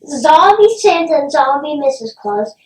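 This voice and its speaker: Playful woman cohost chiming in on movie jokes, slow-paced, sounds distant in a roomy echo. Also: high-pitched, sing-song, darkish tone. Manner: playful, eager interjections. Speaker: podcast co-host. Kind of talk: casual comedic movie review chat. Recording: echoey room, distant mic.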